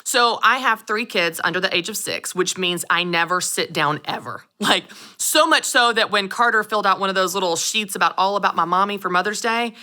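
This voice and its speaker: Animated woman, thirties, motivational host talking to camera; bright tone. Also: mid-range voice, a little fast, hardly any pauses. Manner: animated storytelling, addresses the audience directly. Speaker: show host and business coach.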